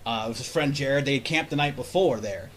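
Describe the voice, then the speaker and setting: Fast-talking, swearing man telling a long story. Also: medium pitch, slight background noise. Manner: rambling, profane, many restarts. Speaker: podcast host. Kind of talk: casual storytelling chat.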